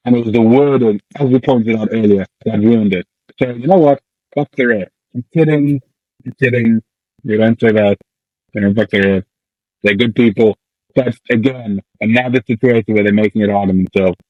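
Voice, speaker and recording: A man co-hosting a podcast, in casual chat, ranting in an animated, jokey way and swearing now and then. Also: fairly low pitch, normal speed, no room sound, phone-quality sound. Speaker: podcast co-host.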